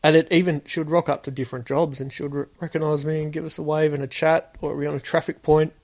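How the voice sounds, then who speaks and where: A former police officer from Sydney, Australia, appears as a podcast guest, telling casual stories in a laid-back way and acting out the dialogue. His voice sits on the high side, a little mellow and level in tone, with a quick pace.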